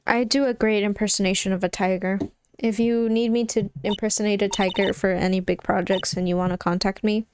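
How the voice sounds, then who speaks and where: A woman's voice: mid-range voice, fairly quick, background noise. A woman streamer chatting casually between game lines, with jokey, giggly asides. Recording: game music playing behind.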